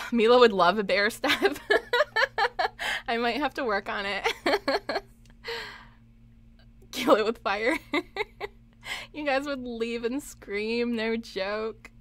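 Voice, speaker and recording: A young woman talks loosely over a live game stream, breaking into giggles between remarks and reading out comments from her chat. Her voice sits a little high, and she sounds close to a desk mic. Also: animated, takes it slowly, long pauses, fairly bright tone. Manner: giggly, laughs often, reads chat aloud.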